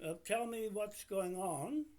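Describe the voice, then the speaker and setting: An older man with a New Zealand accent, talking on camera and arguing insistently over the phone, pausing on fillers when calm. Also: high-pitched. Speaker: vlogger speaking on camera. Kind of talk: phone argument recorded on camera.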